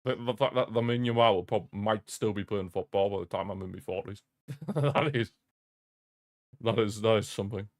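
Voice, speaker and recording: A man's voice: lowish voice, moderate pace, dry recording, clean studio sound. A young man hosting a live football watch-along stream, chatting casually and commenting on the match with frequent laughter and repeated jokey rants. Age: young adult. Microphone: streaming desk mic.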